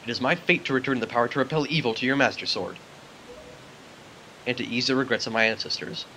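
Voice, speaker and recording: A man voicing a tiny, shy male forest creature who speaks in a gentle, earnest, pleading way. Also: mid-range voice, fast, a little hiss or hum, poor audio. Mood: solemn.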